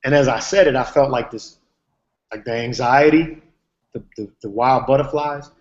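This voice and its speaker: A man's voice: mid-range voice, moderate pace. Rambling slangy man on a lo-fi call. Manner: rambling, slangy, many fillers. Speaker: TV writer, guest. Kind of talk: casual storytelling. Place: online video hangout. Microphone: video call.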